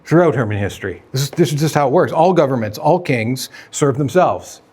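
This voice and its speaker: A man's voice: medium pitch, lively intonation, brisk, darkish tone, slightly rough. A man preaching a sermon as pastor, conversational, asking the congregation questions and acting out quoted dialogue.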